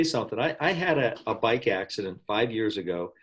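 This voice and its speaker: A man hosting a podcast, chatting casually and telling a personal story with lively quoted asides. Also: lowish voice, a little fast. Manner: tells personal stories with animated quoted asides. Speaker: podcast host. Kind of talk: casual interview chat.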